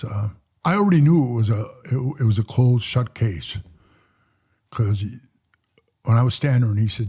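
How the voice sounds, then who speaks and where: A middle-aged man telling prison stories as a podcast guest, blunt and profane, often dropping to low mutters as he recounts conversations. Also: warm tone, breathy edge. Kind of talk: casual storytelling interview.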